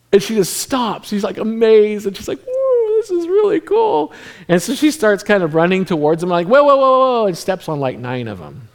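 Man preaching, loud then hushed. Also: high voice. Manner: conversational preaching that swings from animated to hushed, near-whispered passages. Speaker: pastor. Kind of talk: sermon.

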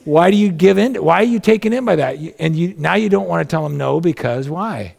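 Gravelly, folksy male pastor. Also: on the high side, expressive, brisk, a little mellow. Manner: conversational and folksy, with humorous asides. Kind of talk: sermon.

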